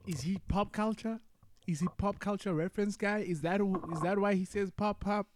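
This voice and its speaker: A man's voice: sits high, fairly even intonation, normal speed, noisy background. Rambling, laid-back podcast co-host man. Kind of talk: casual chat.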